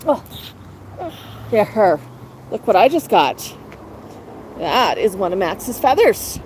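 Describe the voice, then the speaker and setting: A chatty woman with a medium-pitched, sing-song voice speaks slowly while livestreaming from a shaded outdoor patio, coaxing her parrots in baby talk. It's casual livestream chat recorded on a cell phone, with faint traffic in the outdoor audio.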